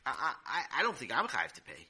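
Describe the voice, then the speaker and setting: A man's voice: mid-range voice, huge pitch swings, brisk, sharp tone, breathy edge, full character voice. Hesitant, stammering teen boy, played by a male storyteller. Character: hesitant teenage boy, older brother.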